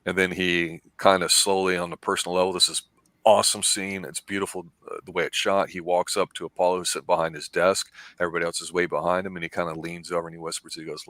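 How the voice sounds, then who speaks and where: Deep-voiced man hosting a movie show. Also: fast talker, no room sound. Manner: rambling, animated, acts out film lines. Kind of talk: casual film discussion.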